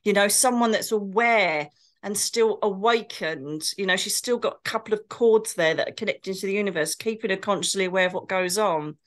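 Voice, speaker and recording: A woman's voice: medium pitch, a little fast, a bit bright. Woman, chatty, rambling, gushing, mid-range voice. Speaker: co-host and spiritual medium. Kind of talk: casual chat, storytelling.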